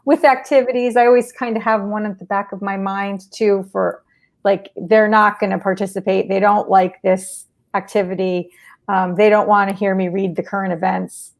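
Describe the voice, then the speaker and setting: A woman's voice: mid-range voice, fairly even intonation, normal speed. A woman who works in dementia care, chatting casually and giving practical advice with everyday examples. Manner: practical, anecdotal, acts out what she says to seniors. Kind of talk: casual interview chat.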